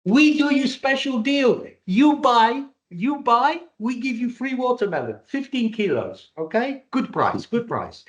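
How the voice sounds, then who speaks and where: A man putting on a pushy male market trader with a Greek Cypriot accent, loud, high and bargaining. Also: sing-song, measured pace, few pauses, full character voice. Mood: haggling. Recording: dull lo-fi webinar audio.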